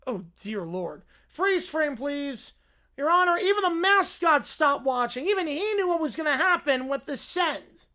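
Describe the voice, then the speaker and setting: A woman's voice: high voice, big pitch swings, measured pace, sharp tone, pitched above the performer's own voice, full character voice. A woman voicing a pompous male cartoon lawyer, grandstanding in court.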